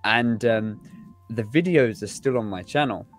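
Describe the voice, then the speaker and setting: A man's voice: medium pitch, unhurried. Young male co-host, hesitant rambling talk, faint music underneath. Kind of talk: casual podcast chat.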